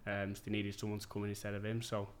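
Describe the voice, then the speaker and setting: A man's voice: on the low side, monotone, rapid-fire, slight background noise. A man, telling stories as a podcast guest in a laid-back, sweary way. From England. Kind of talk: casual chat.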